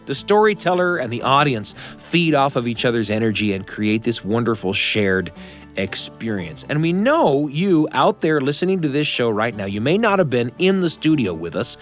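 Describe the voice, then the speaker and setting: Podcast host guy reading his intro, voice bounces up and down a lot, soft music under it. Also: medium pitch. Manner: warm, lively, speaks to the listeners directly. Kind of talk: scripted show introduction.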